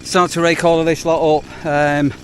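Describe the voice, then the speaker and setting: A man's voice: on the high side, little pitch movement, moderate pace, a little hiss or hum. A British man, a campsite warden, chatting casually while working outdoors, rambling with frequent ums and out of breath. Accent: British English. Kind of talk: casual outdoor work vlog.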